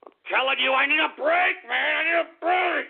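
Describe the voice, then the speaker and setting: A man hosting a radio show, ranting in an exasperated, shouting, rambling way. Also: very high-pitched, a little fast, gravelly. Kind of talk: ranting comedic radio monologue. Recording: tinny phone-like lo-fi audio.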